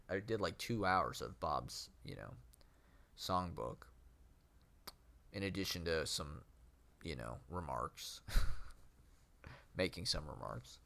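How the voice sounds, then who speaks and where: A man's voice: sits low, fairly bright tone. A man vlogging in a rambling, self-questioning way, with a nasal voice, many fillers and frequent laughs. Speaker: vlogger and aspiring street poet. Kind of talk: rambling casual monologue.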